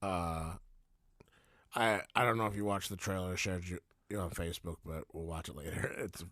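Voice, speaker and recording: A man co-hosting a podcast in casual chat, relaxed and agreeable, laughing often. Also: deep voice, normal speed, no echo, clean studio sound. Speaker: podcast co-host.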